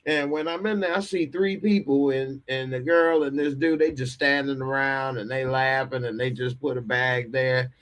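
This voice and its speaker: A man's voice: mid-range voice, fairly even intonation, moderate pace, few pauses, fairly bright tone. A man hosting a live call-in podcast, telling a comic story with frequent laughter and acted-out voices. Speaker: podcast host.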